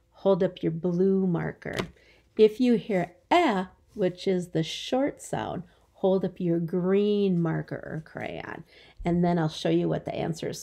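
A woman's voice: fairly low pitch, vocal fry, dark tone. A woman teacher giving a remote phonics lesson to young children, stretching out her words in a patient, encouraging way.

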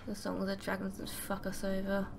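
A young woman giving let's play commentary, swearing freely with loud exclamations while she plays. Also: medium pitch, monotone, brisk, creaky, very noisy. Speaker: gaming channel host.

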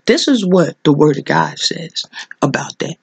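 A woman preaching fervently in a vlog, hammering home repeated rhetorical questions as her voice leaps high with emotion. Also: lively intonation, unhurried, gravelly, husky, no echo.

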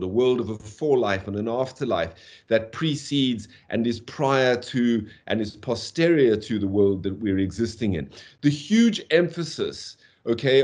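A man giving a university lecture on poetry over a video call, reading verse aloud, tapping out meter, with frequent fillers. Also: mid-range voice. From South Africa. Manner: animated, rhythmic scansion aloud.

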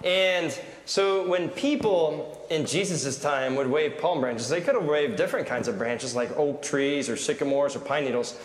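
A man leading a children's sermon in a church, playful and animated as he leads cheers and quizzes the kids. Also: a little high, normal speed, few pauses, slight background noise. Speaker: pastor leading a children's message. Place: large church sanctuary. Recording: roomy church hall reverb.

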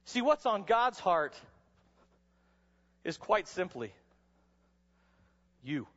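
A man preaches a sermon in a large hall, telling vivid stories and at times climbing to a shout. His voice is high and bright. The recording sounds dull, with a long reverb hanging in the room. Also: big pitch swings, drawn-out words. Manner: dramatic storytelling preacher, voice rising to shouts. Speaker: chapel speaker.

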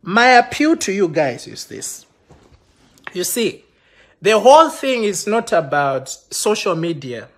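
A man with a notably high voice delivers a heated livestream rant. He sounds accusing and impassioned, and he trips over his words and restarts often as he addresses his viewers. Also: big pitch swings, slow, a bit bright. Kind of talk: live-streamed rant to viewers. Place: London.

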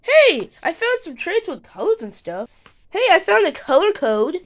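A high, very lively female voice narrating a toy adventure for her channel. She is excitable and swings her pitch up and down, arguing back and forth as if with a friend. The talk is loose, playful and unscripted. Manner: excitable, bickering with itself, quick changes of voice. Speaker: channel host.

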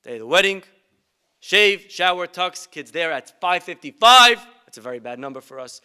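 A man's voice: fairly high pitch, expressive, normal speed, sharp tone, smooth. A male rabbi giving a humorous sermon with stories and rhetorical questions to his congregation. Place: synagogue event.

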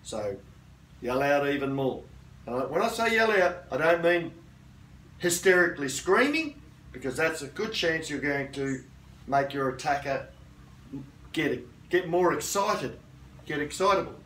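Firm middle-aged karate instructor, roomy. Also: male voice, fairly high pitch, big pitch swings, unhurried, pauses often, a bit bright, a little hiss or hum. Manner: firm, assertive, checks in with "okay?". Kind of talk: self-defence lesson. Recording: roomy sound from a distant mic.

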